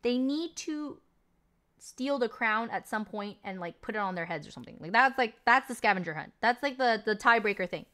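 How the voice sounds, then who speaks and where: A woman's voice: on the high side, lively intonation, normal speed, a bit bright. A young adult woman streamer chatting casually, telling a long story in a rambling, incredulous way with lots of fillers. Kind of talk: casual stream chat recapping a movie.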